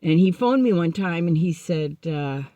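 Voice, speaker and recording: A woman with a lowish voice, speaking at normal speed, shares a personal recovery story candidly and with self-mockery. She is animated, acting out conversations she remembers.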